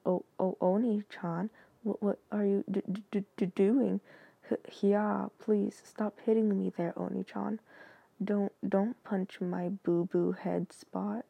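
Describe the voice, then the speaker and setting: A woman reading out the lines of a clingy anime little-sister girl in a deliberate monotone, with a gravelly, husky voice. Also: medium pitch, dry recording, exaggerated voice. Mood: flat monotone.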